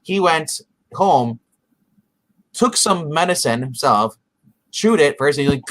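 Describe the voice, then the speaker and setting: A man's voice: a little high, animated, slow, a bit bright, poor audio. Guy on a podcast, rambly, keeps going "he's like" while recapping an episode. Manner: rambling, retells scenes in quoted asides. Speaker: podcast co-host. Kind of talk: casual recap chat.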